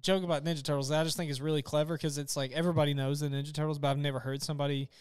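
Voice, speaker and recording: A man's voice: a little high, flat delivery, racing, clean tone, dry recording. A man co-hosting a comedy podcast, rambling and correcting himself as he chats casually into a close mic. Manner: rambling, self-correcting, acts out jokes in voices. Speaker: podcast co-host. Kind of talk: casual chat.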